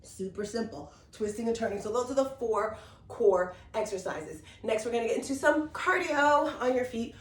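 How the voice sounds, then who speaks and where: Woman fitness instructor, upbeat, encouraging, fairly high voice, echoey room, distant camera mic. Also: lively intonation, moderate pace. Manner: upbeat, encouraging, talks while demonstrating. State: slightly out of breath. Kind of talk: workout instruction. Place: room at home on an exercise mat.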